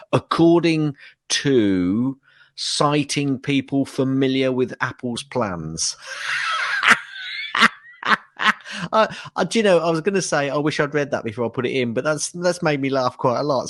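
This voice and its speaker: A man's voice: medium pitch, no room sound, clean studio sound. A man from the UK co-hosting a casual tech podcast, chatty and playful, often laughing at what he reads out. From United Kingdom. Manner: chatty and playful, laughs at his own reading. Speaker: podcast co-host.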